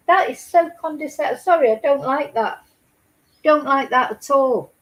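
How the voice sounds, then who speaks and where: A woman's voice: high voice, moderate pace, low-quality recording. A woman hosting a casual true-crime chat, talking emphatically and indignantly, repeating herself and swearing. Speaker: host.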